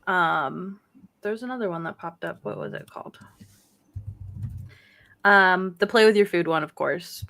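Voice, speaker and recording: A woman's voice: lowish voice, measured pace, pauses often, a bit bright. A chatty woman co-hosts a gaming podcast in easygoing talk. She laughs often and trails off while hunting for names. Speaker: podcast co-host. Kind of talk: casual chat.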